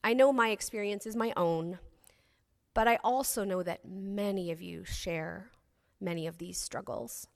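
A woman's voice: mid-range voice, measured pace, vocal fry. A woman in her thirties preaching a sermon in a frank, earnest, confiding way. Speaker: pastor. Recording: reverberant hall sound.

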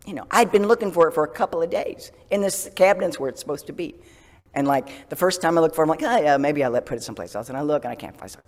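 A man giving a casual sermon as a Zen priest, self-deprecating and laughing often, dropping to a soft whisper for gentle self-talk. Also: a little high, expressive, racing, in a large hall.

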